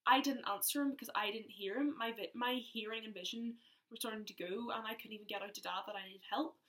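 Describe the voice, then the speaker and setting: A woman's voice: on the high side, steady tone, fast talker, fairly bright tone. A young woman telling a personal story in a rambling, chatty way, often interrupting herself. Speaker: vlogger.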